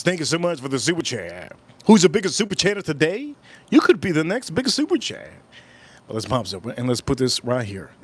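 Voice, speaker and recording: Higher-voiced man rambling on a livestream. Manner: rambling, repeats phrases, chants viewer shout-outs. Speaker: livestream host. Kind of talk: casual livestream chat.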